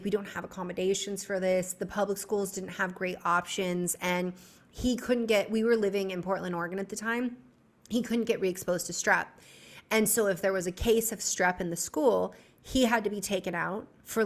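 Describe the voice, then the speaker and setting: A woman in the guest seat of a relaxed podcast, talking easily in a middle-pitched voice. She tells stories in a chatty way, full of quick asides. She sounds like a doctor talking with an author's ease. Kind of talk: casual podcast conversation.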